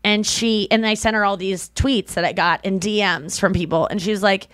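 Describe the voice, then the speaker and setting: A podcast co-host with a mid-range, steady, slightly bright voice talks at normal speed in a dry, studio-quality recording. She chats casually and tells stories, acting out the people she quotes.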